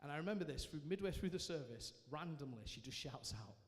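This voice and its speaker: A man giving a personal testimony to a live audience, telling it as a lively story with self-mocking humour. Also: on the high side, fast talker. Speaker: guest speaker sharing his testimony. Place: large church hall, indoors. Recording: reverberant church hall.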